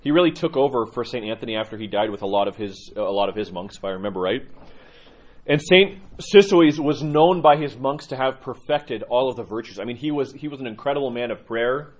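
A man's voice: mid-range voice, lively intonation, fairly quick. A man teaching a catechism lecture, earnest and emphatic, often repeating himself for weight.

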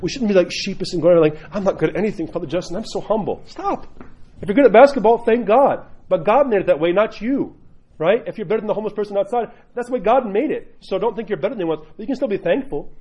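A man's voice: sits high, darkish tone, slightly rough, highs cut off. A man speaking as a priest, giving an informal sermon in a blunt, joking, emphatic way.

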